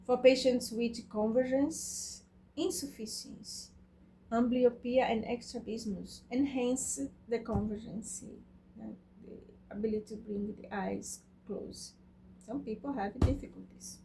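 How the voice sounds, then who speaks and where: A woman teaching eye exercises in a casual way, halting and searching for words, speaking English as a non-native with Portuguese as her first language. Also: a little high, fairly even intonation, dark tone, slight background noise. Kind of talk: casual instructional talk.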